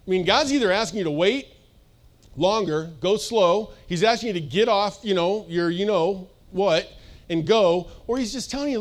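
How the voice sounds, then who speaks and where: Lively high-voiced man preaching casually. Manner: energetic, conversational, sings snippets and jokes with the audience. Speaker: pastor. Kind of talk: sermon.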